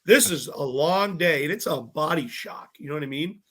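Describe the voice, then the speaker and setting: A young man, a podcast guest telling stories from a cooking show in a bubbly, animated way, acting out other people's lines and swearing freely. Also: on the high side, normal speed, slightly rough. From Massachusetts, US. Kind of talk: casual storytelling chat.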